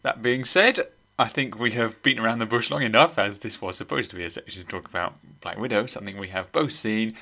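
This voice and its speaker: A man's voice: lowish voice, sharp tone. A man hosting a casual movie review podcast, wry and opinionated as he leads the talk. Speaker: podcast host.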